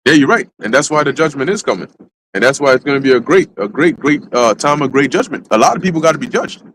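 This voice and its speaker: Loud, quick man, noisy far-off line. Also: medium pitch, lively intonation. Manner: loud, emphatic. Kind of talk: emphatic agreement in religious talk.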